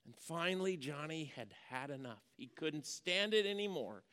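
A man's voice: on the high side, animated, normal speed. Folksy preacher man in a reverberant hall. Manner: folksy storyteller, swinging from hushed to emphatic. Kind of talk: sermon with storytelling. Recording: long reverb of a large hall.

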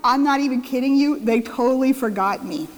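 High-voiced woman preaching in an echoing church. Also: a little fast. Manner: self-mocking storytelling, acts out quotes. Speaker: pastor. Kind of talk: sermon. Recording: church hall reverb.

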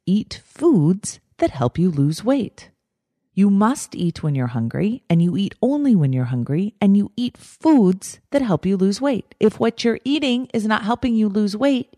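A woman's voice: mid-range voice, dark tone, dry recording, clean studio sound. A woman hosting a life coaching podcast, talking directly and emphatically and repeating her key steps. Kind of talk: motivational podcast talk.

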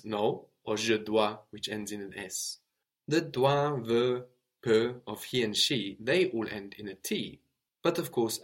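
A man teaching a spoken language lesson, explaining patiently, spelling out words and checking in with a questioning "no?". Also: on the low side.

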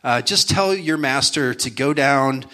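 A man voicing a blunt, laid-back hippie prophet with a low, offhand, dismissive delivery. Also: a little slow, sharp tone.

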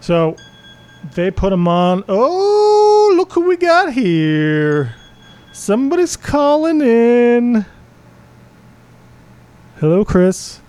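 A male radio host bantering on a casual sports talk show, quick to laugh. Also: very high voice, sing-song, a little mellow.

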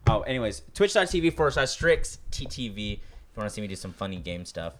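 A man's voice: fairly low pitch, big pitch swings, fast talker, crowd noise. A man co-hosting a casual podcast, easygoing and joking, plugging his streams. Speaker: podcast co-host.

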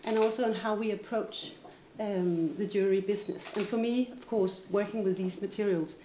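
A woman's voice: mid-range voice, fairly even intonation, moderate pace, warm tone. Echoey woman from Denmark on a panel. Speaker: jewelry brand founder, panelist. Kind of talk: panel discussion answer. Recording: echoey event hall with faint noise.

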